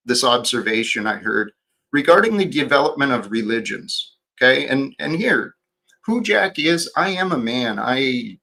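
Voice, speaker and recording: A man hosting his own livestream, talking in a slow, reflective way with frequent restarts. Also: medium pitch, vocal fry, sharp tone. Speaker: livestream host. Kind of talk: casual livestream chat.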